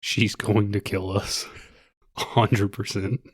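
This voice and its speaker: A man with a lowish, husky voice talks slowly and laid-back as a guest on a comedic podcast. He laughs between his remarks. The recording is dry and close. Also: level tone, no echo. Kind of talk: casual comedic chat.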